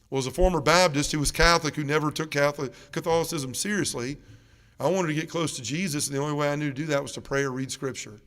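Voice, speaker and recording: A man's voice: fairly high pitch, fast talker, a bit bright, in a large hall. A middle-aged man giving an earnest testimony to a church congregation at a parish mission, telling his story and acting out the voices of the people in it. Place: large church.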